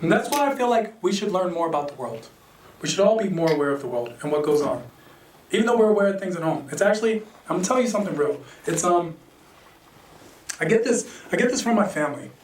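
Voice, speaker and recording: An American man performing a stand-up comedy set, animated, acting out characters in sudden high voices and laughing at his own jokes. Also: a little hiss or hum. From United States. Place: comedy venue stage. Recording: roomy distant stage mic.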